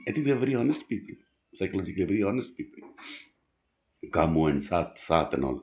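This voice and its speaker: A man's voice: sits low, fast talker, vocal fry, a little mellow. A man giving an earnest, rambling reflective monologue, often restarting his sentences.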